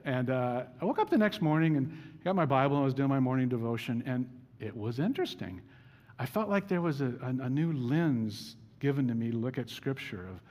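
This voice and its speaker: A man's voice: medium pitch, animated, brisk, a little mellow. Casual storytelling male preacher in a hall. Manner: casual storytelling, self-deprecating humor. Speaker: pastor. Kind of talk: sermon. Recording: reverberant hall.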